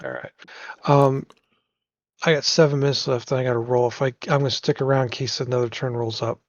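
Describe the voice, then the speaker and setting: A man's voice: medium pitch, fairly even intonation, fairly quick, no room sound. A man playing in a tabletop game, casual and offhand. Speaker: player. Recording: dull lo-fi line with faint noise.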